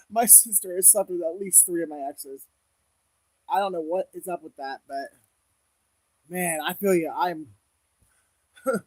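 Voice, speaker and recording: A man's voice: sits high, a little slow, pauses often, a little mellow, no echo, poor audio. A man hosting a casual livestream as a psychic reader, speaking candidly to viewers with frequent laughs and religious conviction.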